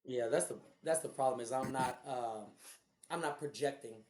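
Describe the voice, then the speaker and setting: A man from Houston with a hoarse, recovering voice, co-hosting a podcast and telling rambling, profane stories in a casual chat. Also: medium pitch, normal speed, reverberant. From Houston, Texas. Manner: profane, rambling, animated storyteller. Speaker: podcast co-host.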